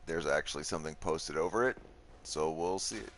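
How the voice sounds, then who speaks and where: Man, deep voice; laid-back gameplay commentator who thinks aloud. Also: a little fast, a little hiss or hum. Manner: relaxed, thinks aloud, swears at enemies. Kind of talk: casual let's play commentary.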